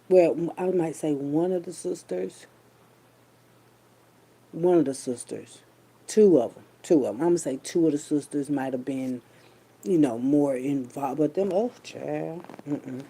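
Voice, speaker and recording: Low gravelly woman telling a story. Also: warm tone, slight background noise. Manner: chatty, addresses listeners as baby and child; loose and emphatic, heavy slang and swearing. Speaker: vlogger. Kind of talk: casual storytelling monologue.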